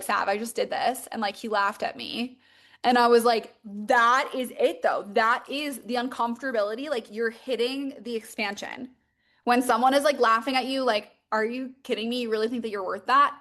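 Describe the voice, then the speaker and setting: A young woman coaching her listeners in a loose, emphatic podcast monologue. She leans on fillers and swears freely for emphasis, and her voice sits a little high. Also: fairly bright tone. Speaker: podcast host, mindset coach. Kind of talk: motivational monologue.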